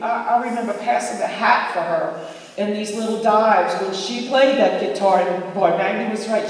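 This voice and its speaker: A middle-aged woman speaking casually and with emotion at a memorial, laughing through tears. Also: fairly high pitch. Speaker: eulogy speaker. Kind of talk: heartfelt memorial tribute. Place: large opera house hall. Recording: echoey hall from far off.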